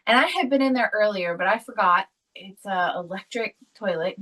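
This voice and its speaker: A woman's voice: mid-range voice, lively intonation, moderate pace, sharp tone, far from the mic, rough recording. A woman co-hosting a podcast, telling a family story in a casual, chatty way and often laughing as she talks. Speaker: podcast co-host. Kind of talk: casual chat.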